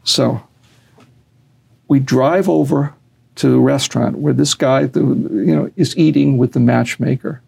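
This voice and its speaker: A man's voice: fairly even intonation, measured pace, creaky, a little mellow, slightly rough. A man telling a long story animatedly, raising his voice when he acts out what others said. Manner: acts out quotes with raised pitch.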